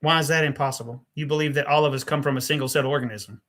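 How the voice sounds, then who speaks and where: A man's voice: mid-range voice, steady tone, fast talker, a bit bright. A man hosting a live call-in debate. He presses callers, repeats his phrases and cuts in. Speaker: debate host.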